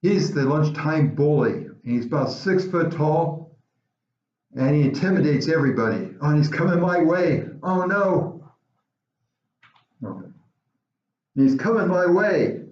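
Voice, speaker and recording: A man tells a personal story in a slightly high voice. He is animated and pauses for effect. The sound is roomy and dull, like a lo-fi recording.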